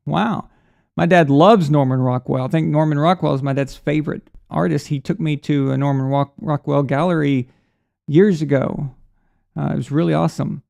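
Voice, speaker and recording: Warm in tone, fairly high and creaky, this middle-aged man speaks a little slowly and pauses often while hosting a live sports stream. He reads super chats, tells casual, rambling stories with restarts, and acts out voices in quoted speech.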